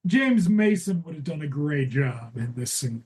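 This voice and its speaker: A woman's voice: sits low, lively intonation, a little slow, darkish tone, slightly rough, poor audio. A woman co-hosting a comedy podcast, chatting casually and retelling plots with laughter. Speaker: podcast co-host.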